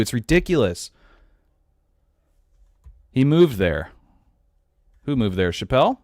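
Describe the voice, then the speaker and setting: A man's voice: medium pitch, very animated, takes it slowly, long pauses, darkish tone, dry recording, studio quality. A man in his thirties hosting a podcast, ranting in a casual, exasperated, profane way. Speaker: podcast host.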